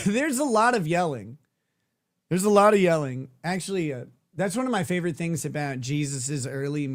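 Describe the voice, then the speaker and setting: A man hosts a live stream and chats loosely, with a joking, irreverent manner and casual swearing. His voice sits slightly high for a man. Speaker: host. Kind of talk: casual livestream chat.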